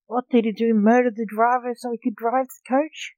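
A woman voicing a stern, sensible gentleman in a storybook reading, questioning and blunt. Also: fairly high pitch, steady tone, moderate pace, no echo, highs cut off, natural voice.

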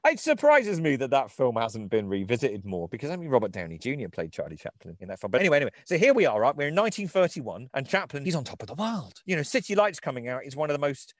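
Animated, chatty man, dry close sound. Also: mid-range voice, quick pace, hardly any pauses, no room sound. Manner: chatty, animated storyteller who reads quotes aloud with gusto. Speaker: podcast co-host. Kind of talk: casual chat about film history.

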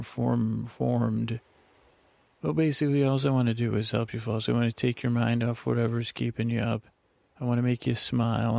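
A man's voice: medium pitch, gravelly, darkish tone, no room sound. A man hosting a bedtime podcast, rambling in meandering circles and interrupting himself to help listeners fall asleep. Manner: meandering, self-interrupting, drowsy. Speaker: podcast host. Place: lakeside vacation spot.

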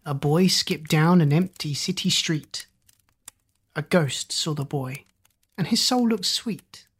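Brief: children's poem reader, steady rhyming cadence, dips into whispers. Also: medium pitch, takes it slowly, slightly rough. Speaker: storyteller. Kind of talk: reading rhyming children's poems.

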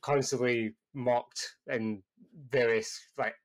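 Wry Scottish man, softened accent. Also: medium pitch, fairly even intonation, slow. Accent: Scottish, softened by years away. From Scotland. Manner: wry, self-deprecating storyteller. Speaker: podcast co-host. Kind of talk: casual chat.

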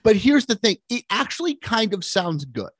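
A man's voice: high-pitched, sing-song, normal speed, no echo. A man co-hosting a casual film podcast, wry and opinionated, giving blunt takes. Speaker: podcast co-host.

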